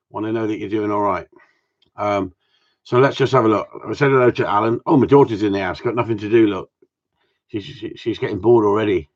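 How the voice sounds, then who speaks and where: A man with a chatty, joking manner, hosting a casual live stream for his followers. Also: fairly low pitch. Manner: jokey, chatty, greets viewers by name. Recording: dull lo-fi stream audio.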